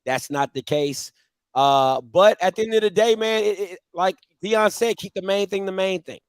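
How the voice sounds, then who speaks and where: A man hosting a sports talk show, making emphatic points about college football. His voice sits a bit high for a man. The sound is dry and close, with no room around it. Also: normal speed, clear, resonant tone, dry recording. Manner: emphatic, leans on "listen" and "at the end of the day". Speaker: show host.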